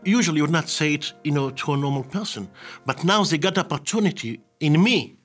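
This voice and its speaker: A man's voice: a little high, expressive, brisk, fairly bright tone, husky, soft background music. Theatrical man telling stories. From Israel. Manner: theatrical, acts out quoted voices, repeats himself. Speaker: journalist and writer. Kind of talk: animated storytelling talk.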